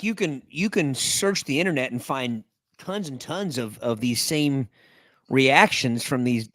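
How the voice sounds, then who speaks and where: A man's voice: mid-range voice, fairly bright tone, no room sound, clean studio sound. A man co-hosting a casual podcast, thinking aloud in disbelief with many restarts. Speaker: podcast co-host.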